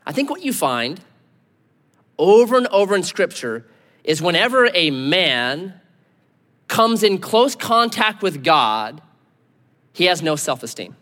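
A man preaching a sermon, acting out biblical figures in quick, lively asides. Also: sits high, in a large hall. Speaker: pastor.

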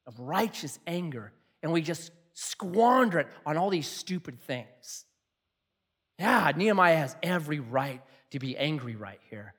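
A middle-aged man preaching a sermon in a jokey, animated way, acting out quotes. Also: a little high, a little slow, husky. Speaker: pastor.

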